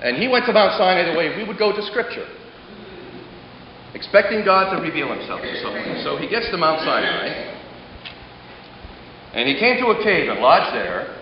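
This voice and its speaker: A man preaching a sermon to a congregation, building to dramatic emphasis and then dropping to a hush. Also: on the high side, very animated, moderate pace, long pauses, crowd noise. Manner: dramatic, swelling emphasis and sudden hushed drops. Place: large hall before a congregation. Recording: echoey hall, muffled, faint hiss.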